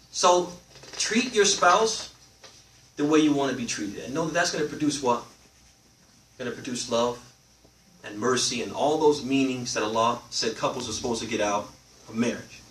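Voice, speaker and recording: A man teaching a live religious class, animated, often asking his listeners questions and letting them answer. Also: mid-range voice, moderate pace, pauses often. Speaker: Islamic teacher. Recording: roomy, from a distance, faint noise.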